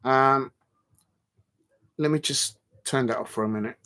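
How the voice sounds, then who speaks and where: Animated man bantering about football. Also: medium pitch, measured pace. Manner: animated football banter, voice jumping up when protesting; rambling with many fillers and restarts. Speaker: livestream watch-along host. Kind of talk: casual livestream chat reading out viewer comments.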